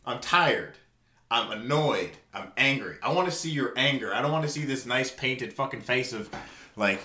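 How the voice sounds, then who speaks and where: A man's voice: medium pitch, expressive, normal speed, bright, forceful tone, roomy sound. A man co-hosting a podcast, delivering an angry, profane, emphatic rant in casual talk. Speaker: podcast co-host.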